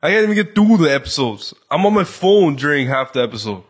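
A man's voice: a little high, sing-song, fast, breathy edge. Blunt, swearing man on a podcast. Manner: blunt, loud, swears a lot. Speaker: podcast co-host. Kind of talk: casual chat.

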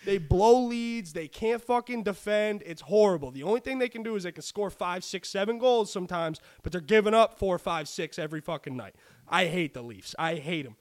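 Profane, excitable man talking sports bets. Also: high-pitched, fairly quick. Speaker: podcast co-host. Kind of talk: casual sports betting chat.

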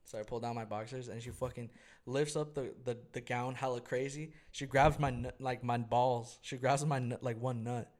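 A young man hosting a casual podcast, telling an animated story full of swearing and acted-out quotes. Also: medium pitch, moderate pace. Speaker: podcast host. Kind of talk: casual chat.

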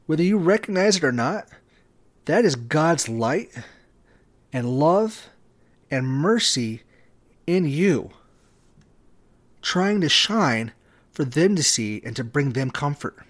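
Slow, measured man giving a devotional talk. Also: a little high, sing-song. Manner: slow, measured delivery with long pauses. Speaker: podcast host.

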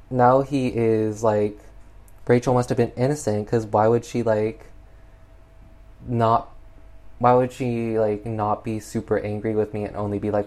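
A casual, exasperated reviewer walks through a film's plot, peppering every sentence with "like" and "um." The voice sits at an ordinary middle pitch. The delivery is loose, rambling and openly fed up. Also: normal speed, darkish tone. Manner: chatty, exasperated, heavy use of "like". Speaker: film reviewer. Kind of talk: casual film recap.

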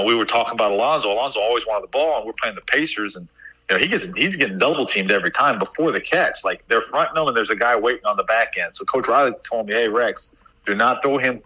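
Brief: man in his 50s, coach guest, low crisp voice, rambling animated storyteller, leans on "right?". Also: quick pace, rough recording. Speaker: basketball assistant coach, guest. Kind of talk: casual storytelling interview.

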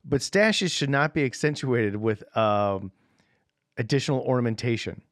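A man's voice: medium pitch, animated, moderate pace, no room sound. A man co-hosting a podcast, chatting casually with dry, wry jokes. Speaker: podcast co-host.

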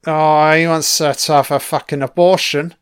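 A man's voice: fairly high pitch, fairly even intonation, normal speed, smooth. A young man giving casual, wry film commentary, swearing freely as he reacts to the scenes. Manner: profane, wry running remarks.

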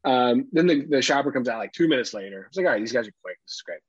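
Husky man telling animated stories. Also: mid-range voice, very fast, dry recording, dull audio. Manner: animated, acts out other people's lines, laughs often, swears casually. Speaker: podcast co-host. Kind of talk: casual storytelling chat.

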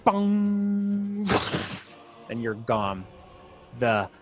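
A man narrating a tabletop game as game master, slow and drawn out, with playful laughs. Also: medium pitch, over music.

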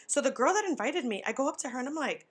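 A young woman hosting a podcast, telling a story casually, swearing freely, saying 'like' constantly and acting out what people said with sudden jumps in pitch. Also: fast talker. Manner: animated, swearing, heavy on filler 'like'. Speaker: podcast host.

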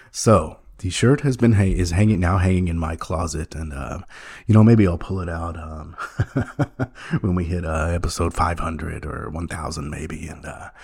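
A man hosting a podcast in a rambling, mock-earnest monologue, halting often with ums and restarts. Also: low voice, gravelly, a little mellow, breathy edge. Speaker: podcast host.

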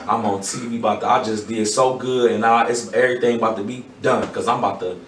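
A man who is a guest battle rapper, telling stories in a casual podcast chat, animated and swearing a lot. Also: fairly low pitch, fast. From Toledo, Ohio. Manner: animated, swears a lot, acts out quoted voices. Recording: echoey room, mic far off, faint noise.

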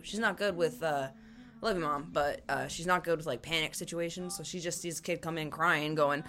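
A woman's voice: low-pitched, expressive, a little fast, fairly bright tone. A young woman co-hosting a podcast, telling stories in a casual, giggly way and swearing freely. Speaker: podcast co-host. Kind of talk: casual chat.

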